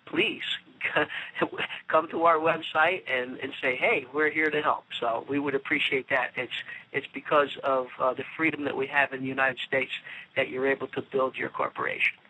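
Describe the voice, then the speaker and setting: A man's voice: medium pitch, level tone, moderate pace, pushed and bright, husky, rough recording. A man calling in by phone to a radio interview, talking in an earnest, plain-spoken way. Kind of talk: phone-in chat. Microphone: phone line.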